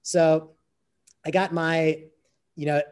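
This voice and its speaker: Earnest man, fairly high voice. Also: level tone, slow pace, clear, resonant tone. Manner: earnest, repeats phrases as he recounts. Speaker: interview guest. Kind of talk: conversational storytelling.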